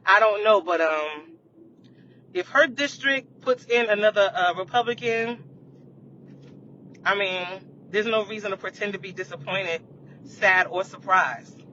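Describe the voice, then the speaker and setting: A high-pitched man with a bright, sharp voice rambles through a casual livestream chat and keeps checking in with his viewers. The audio is muffled and lo-fi, with a faint rumble underneath. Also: measured pace. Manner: rambling, talks straight to viewers, frequent "you know what I mean". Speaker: livestream host. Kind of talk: casual live chat commentary on current events.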